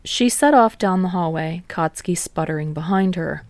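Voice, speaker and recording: A woman reading a fan story aloud as narrator, steady and expressive. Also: lowish voice, normal speed, dry recording. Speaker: podfic reader.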